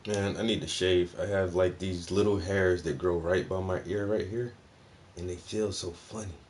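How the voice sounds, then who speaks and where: A man's voice: sits low, steady tone, moderate pace, darkish tone. A man hosting a painting stream, chatting casually and cursing while he paints. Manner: laid-back, profane muttering. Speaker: painting host.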